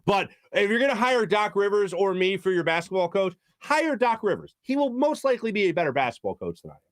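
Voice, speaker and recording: A sports talk host with a high voice delivers a heated, exasperated rant. He keeps slipping into mocking imitations of other people. The sound is dry and close, with no room around it. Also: big pitch swings, quick pace, dry recording.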